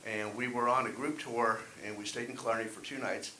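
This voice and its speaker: A man's voice: mid-range voice, steady tone, a little fast, bright, forceful tone. A man performing a wry, self-deprecating stand-up set at an open mic. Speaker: stand-up comedian. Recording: echoey room, faint hiss.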